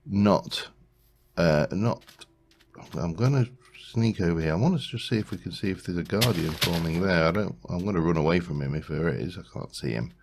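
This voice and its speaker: A man's voice: low voice, moderate pace, a little hiss or hum. A man hosting a let's play, musing aloud in casual gameplay commentary, rambling with frequent restarts.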